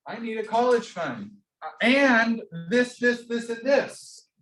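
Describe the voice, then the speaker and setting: Heard in an echoey classroom with faint music behind, a teacher coaches entrepreneurship, pushing students hard and calling on each by name. The medium-pitched voice is fairly bright, very animated, yet slow.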